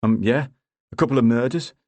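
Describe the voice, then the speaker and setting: A man's voice: mid-range voice, a little fast, darkish tone, no room sound, pitched above the performer's own voice, natural voice. A man voicing a tired, curt male lawyer in an audiobook. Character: tired gruff male lawyer, prickly and drinking.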